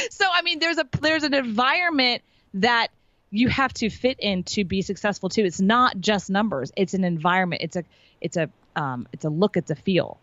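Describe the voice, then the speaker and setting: A woman's voice: medium pitch, normal speed, a bit bright, no echo, highs cut off. A woman sales and marketing coach telling her story in an interview, bubbly and emphatic, acting out what others said.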